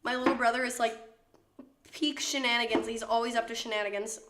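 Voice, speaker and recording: A woman's voice: fairly high pitch, fairly even intonation, a little fast, background noise. A young woman chatting casually while she cooks on a stream, laughing often and swearing freely. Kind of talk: casual chat while cooking. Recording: echoey room.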